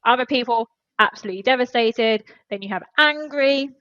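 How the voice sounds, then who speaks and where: A woman's voice: a little high, brisk, fairly bright tone, dry recording, muffled recording. A woman, a podcast guest and former HR specialist, telling an earnest and emotional story in casual conversation.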